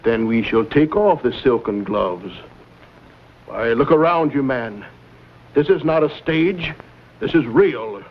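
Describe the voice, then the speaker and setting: Smooth scheming bad guy, polite but threatening, old muffled tv sound. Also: mid-range voice, lively intonation, slow pace, pauses often. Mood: menacing. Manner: smooth, mocking, menacing courtesy. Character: suave scheming male villain in silken gloves. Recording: dull old TV audio with faint hiss.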